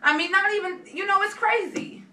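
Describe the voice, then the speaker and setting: A woman playing a loud, sassy, irate customer from the Bronx, with a New York accent, complaining on a phone call. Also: very high voice, fairly quick, echoey room, recorded from a distance. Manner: brash slangy complaining. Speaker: caller.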